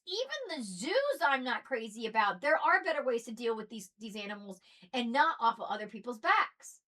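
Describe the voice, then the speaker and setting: A high-pitched woman with a mixed Southern and Northern American accent delivers a preachy rant to camera. Her volume lurches from near-shouted outbursts to quiet, dropped asides. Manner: ranting, preachy, swings between loud and soft. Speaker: spiritual video host. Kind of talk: impassioned monologue.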